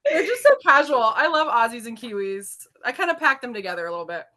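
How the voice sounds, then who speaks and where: Bright, lively young woman, giggly. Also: a little high, fast talker. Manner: giggly, bursts into laughter. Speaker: podcast co-host. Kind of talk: playful chat, trying out accents on cue.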